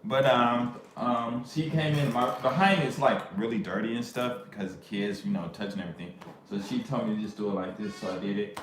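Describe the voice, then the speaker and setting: A man's voice: fairly low pitch, a little fast. A middle-aged man ranting casually to camera in loose slang, with sudden raised outbursts. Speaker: vlogger. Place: living in Japan. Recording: echoey room with faint ambient noise.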